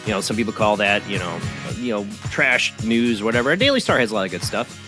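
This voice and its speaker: A man's voice: lowish voice, sing-song, a little fast, over music. A man hosting a live webcast talk show, chatting in a rambling way and reading a news article aloud. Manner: chatty and rambling, with many fillers and restarts. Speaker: host.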